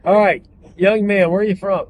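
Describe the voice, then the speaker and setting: A man's voice: high voice, steady tone, moderate pace, a little mellow, a little hiss or hum, low-quality recording. A man hosting, who interviews his passengers in a joking, teasing way. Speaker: host and party bus driver. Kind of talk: casual interview.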